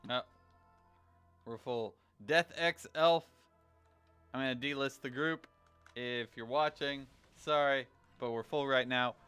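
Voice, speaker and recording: Bright chatty male game streamer. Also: mid-range voice, slow pace, long pauses, clean tone, no room sound, faint music behind. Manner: rambling, chatty, thinks out loud. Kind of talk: casual livestream chat while gaming.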